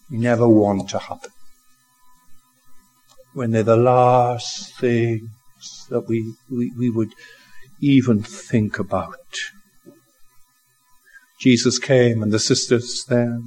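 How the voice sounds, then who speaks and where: An older man preaching a sermon, slow and reflective, building to emphatic rises. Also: medium pitch, darkish tone, poor audio. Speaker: pastor.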